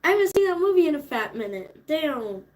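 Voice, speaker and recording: A woman's voice: high voice, sing-song, brisk. A woman in her twenties chatting casually with viewers, laid-back and slangy, laughing often. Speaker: streamer. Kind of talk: casual chat.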